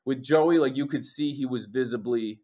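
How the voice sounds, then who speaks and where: This young New Jersey singer, on as a guest, has a mid-range voice and a moderate pace. He tells stories casually and with energy, swearing often and playing out what others said.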